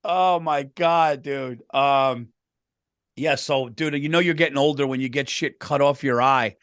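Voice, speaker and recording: A middle-aged man co-hosting a podcast, telling stories in an animated, profane way and saying "dude" a lot. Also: mid-range voice, unhurried, smooth, no echo, clean studio sound. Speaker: podcast co-host. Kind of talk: casual comedic storytelling.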